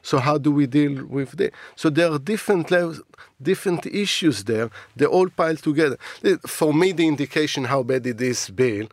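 A man's voice: fairly high pitch, moderate pace, few pauses, no room sound. Earnest male panel guest, dry studio. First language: not English. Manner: earnest, emphatic, some broken grammar. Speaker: guest commentator. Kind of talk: radio panel discussion. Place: radio studio.

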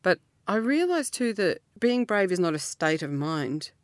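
A middle-aged woman, talking earnestly as an interview guest, laughing often and jumping up in pitch. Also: very animated, a little slow, dry recording, clean studio sound. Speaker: author guest. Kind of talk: reflective interview talk.

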